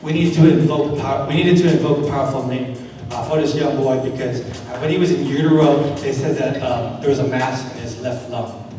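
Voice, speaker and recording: A man's voice: mid-range voice, steady tone, a little fast, mellow. Man giving a talk, chatty and earnest, lots of um and uh, big echoey hall, far off mic. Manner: conversational and earnest, many fillers, building to rhetorical questions. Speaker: invited speaker and educator. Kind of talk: conference talk with storytelling.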